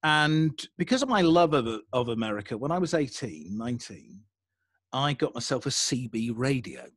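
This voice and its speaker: A young adult English man telling a story in a casual interview, animated and self-deprecating. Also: mid-range voice, normal speed, dry recording, clean studio sound. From England. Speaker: podcaster guest.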